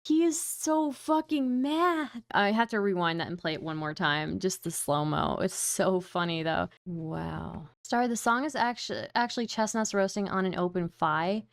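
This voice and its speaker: A woman streamer giving excitable, mocking reaction commentary, laughing often and swearing casually. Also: on the low side, normal speed, gravelly, hardly any pauses, no echo.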